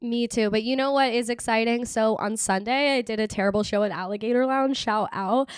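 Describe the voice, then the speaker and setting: A woman co-hosting a podcast, chatty and self-deprecating, talking fast in casual chat and reading a synopsis. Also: a little high, clean tone, no echo. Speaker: podcast co-host.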